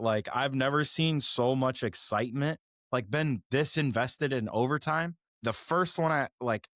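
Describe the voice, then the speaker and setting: A man's voice: mid-range voice, fairly bright tone, dry recording, studio quality. A man co-hosting a hockey podcast, talking casually and rambling with lots of "like" and frequent laughs. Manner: rambling, heavy use of "like", laughs often. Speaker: podcast co-host. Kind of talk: casual sports chat.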